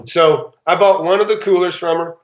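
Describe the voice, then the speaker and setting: Animated high-voiced man telling stories. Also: moderate pace. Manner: animated, acts out quoted dialogue with big pitch jumps. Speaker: real estate investor guest. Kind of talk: casual anecdotal storytelling. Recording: echoey room, slightly dull sound.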